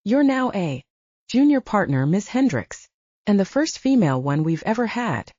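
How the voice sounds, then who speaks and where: A woman doing a booming jovial old law partner. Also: big pitch swings, moderate pace, a little mellow, dry recording. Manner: booming, hearty. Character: loud jovial older male law partner. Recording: slightly muffled lo-fi recording.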